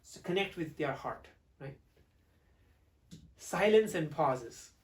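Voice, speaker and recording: Expressive male speaking coach, distant mic. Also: on the high side, slow pace. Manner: expressive, swings between loud and hushed delivery to demonstrate. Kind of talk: teaching talk to camera.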